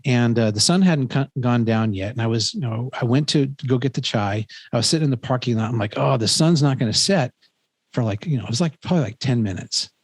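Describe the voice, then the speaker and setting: A man's voice: medium pitch, quick pace, dry recording. Earnest rambling man in his fifties. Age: 50s. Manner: rambling, earnest storytelling with many fillers and restarts. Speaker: professor and podcast host. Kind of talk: casual conversational teaching.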